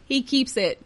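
A woman in her thirties hosting a casual true-crime podcast, reading notes aloud with sarcastic asides and frequent laughter. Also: sits high. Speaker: podcast host.

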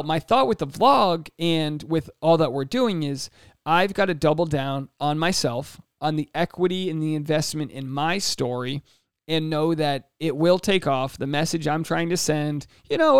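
A man's voice: fairly high pitch, clear, resonant tone, dry recording, studio quality. A man in his mid-thirties hosting a solo podcast, reading listener questions aloud and giving casual, joking advice. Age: 30s. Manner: casual, jokey advice with quick asides. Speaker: podcast host. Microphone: podcast mic in a home studio.

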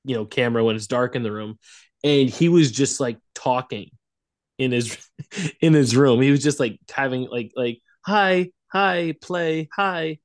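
A young man co-hosts a casual podcast and tells a story in loose, rambling bursts, breaking into laughter now and then. His voice sits in an ordinary middle pitch. The sound is dry and close. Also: normal speed, darkish tone, no room sound. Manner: rambling, laughing storyteller who acts out quotes. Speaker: podcast co-host.

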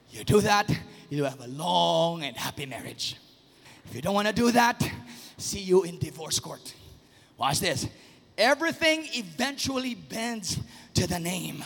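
A man preaching a sermon as pastor, swinging between sing-song shouts and sudden soft, quiet asides. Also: sits high, sing-song, unhurried, creaky, long pauses, husky. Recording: long reverb of a large hall.

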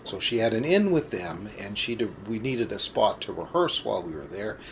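A Canadian man in his sixties, with a somewhat low voice, recalls his days as a pianist in a relaxed interview. He speaks haltingly and fills his pauses with "uh" and restarts. Faint background hiss. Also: vocal fry. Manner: halting, many fillers and restarts. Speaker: pianist, part of a duo. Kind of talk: casual storytelling interview.

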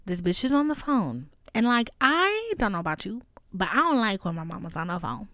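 A young woman hosting a podcast, telling a story casually and animatedly, with lots of swearing, and switching into a higher voice when she quotes people. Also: very animated, fairly quick, a bit bright, no room sound, studio quality. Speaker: podcast host.

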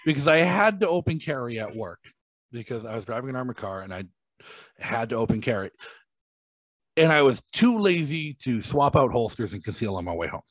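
A man from Massachusetts spins a casual story as a podcast guest. His voice is slightly husky and his delivery blunt and profane. The sound is dry and close, with no room around it. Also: medium pitch, fairly quick, dry recording. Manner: blunt, profane, animated when quoting himself.

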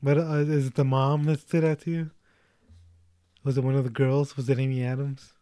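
A man in casual chat, joking and laughing often as he acts out quick lines. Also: medium pitch, little pitch movement, dark tone, dry recording, clean studio sound.

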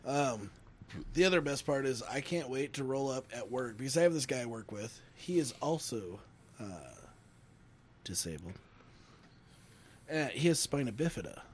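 A man's voice: mid-range voice, normal speed, pauses often, a little hiss or hum. A man hosting a casual podcast, telling crude stories full of swearing and acting out the voices of people in them. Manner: profane, animated storyteller acting out quotes. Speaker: podcast host; construction worker.

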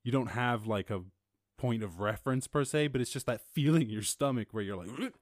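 A man hosting a podcast, telling a rambling, animated story in a casual monologue. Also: a little fast, no echo, clean studio sound. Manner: rambling, animated, mimics others in high voices. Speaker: podcast host.

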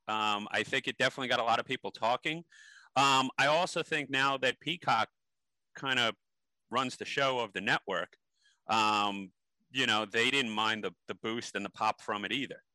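A man's voice: medium pitch, moderate pace, pushed and bright, no room sound, rough recording. A man being interviewed, telling stories animatedly with many ums and restarts. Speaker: interview guest. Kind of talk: casual interview storytelling.

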